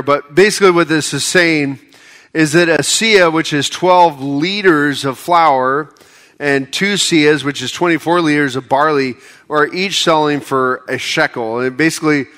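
American pastor guy, bright forceful voice, chatty sermon that gets fired up, a bit high. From United States. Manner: conversational preaching, rising to impassioned pleas.

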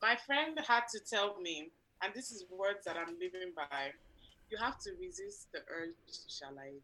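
A woman's voice: fairly low pitch, animated, moderate pace, sharp tone, poor audio. A woman co-hosting a talk show, bantering in a laughing, dismissive way. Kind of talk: casual chat.

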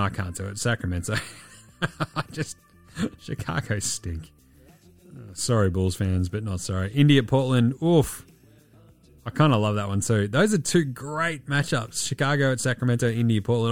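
A man's voice: medium pitch, fast, faint music behind. A young Australian man hosting a casual sports podcast, laid-back and sweary, his voice tired and giving out. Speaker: podcast host.

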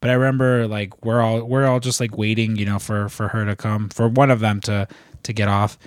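A man's voice: fairly low pitch, level tone, a little fast, dry recording, studio quality. A young man co-hosting a podcast, telling rambling, profane stories in casual chat with lots of fillers. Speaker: podcast co-host.

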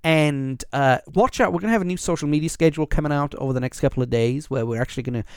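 A man hosting a podcast on his own, reading out listener lists in a casual, upbeat way with quick asides. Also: fairly high pitch, smooth, no echo, clean studio sound. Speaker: podcast host. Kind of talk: casual solo podcast chat.

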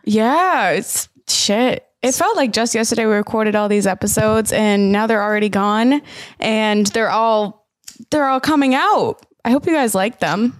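Higher-pitched young woman, dry close sound. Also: measured pace, no room sound. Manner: laughing, candid, swearing. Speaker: podcast co-host. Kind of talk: casual stoner podcast chat.

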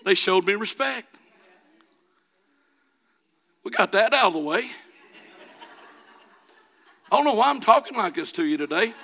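A middle-aged man preaching a sermon, telling a folksy personal story that builds to shouting. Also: sits high, lively intonation, a little slow, long pauses.

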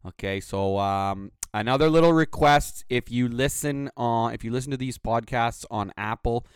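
A man's voice: medium pitch, moderate pace, smooth, no room sound. A man hosting his own podcast, ranting with sarcasm and lots of swearing. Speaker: podcast host. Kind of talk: solo podcast rant.

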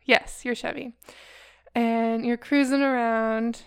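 Chatty woman with a smooth voice. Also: on the high side, level tone, slow. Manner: chatty, laughs easily, leads the storytelling. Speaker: podcast co-host telling a ghost story. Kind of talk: casual chat.

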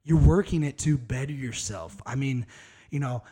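A man's voice: mid-range voice, normal speed, warm tone, husky. A man in his thirties talks through a solo podcast episode with a mid-range voice. He rambles loosely and candidly, with frequent cussing and a plain, casual delivery. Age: 30s. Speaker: podcast host.

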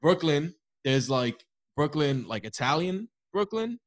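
A young man, co-hosting a casual podcast chat, swearing freely and telling animated stories. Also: fairly high pitch, a little slow, no echo. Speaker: podcast co-host.

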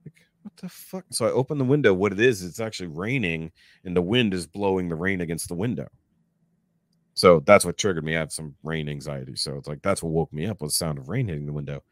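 Man, low voice, casual profane storyteller, dry close sound. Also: fast, no echo. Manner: profane, animated retelling with acted-out quotes. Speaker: podcast guest.

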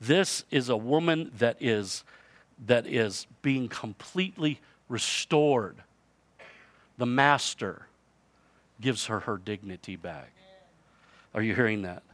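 Middle-aged male pastor, mid pitch, dry recording; fervent sermon that swings between loud emphasis and near-whispers. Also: expressive, slow, pauses often, dry recording. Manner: impassioned, rising to emphatic peaks then dropping to hushed lines; repeats for emphasis, asks the listeners questions.

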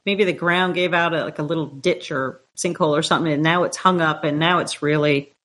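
A woman running a tabletop horror game as game master, narrating scenes in calm, descriptive second person. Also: sits low, fairly quick.

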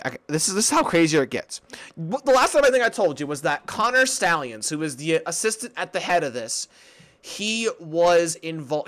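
A young man co-hosting a casual sports podcast, excitable and giggly, tripping over and repeating his words. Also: high voice. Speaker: podcast co-host.

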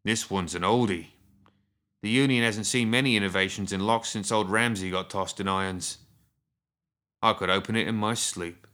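A man's voice: lowish voice, moderate pace, pushed and bright. A man doing a cocky horned brute. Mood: wry. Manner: wry, cocky banter. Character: squat, horned, clawed Englishman, wry and brash.

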